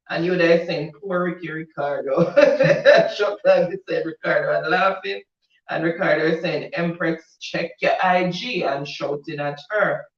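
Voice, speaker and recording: Reading live chat as co-host of an informal show, a man with a high-sitting, fairly bright voice laughs frequently and voices comments with a Caribbean lilt. The recording comes across as dull, far away, and echoey.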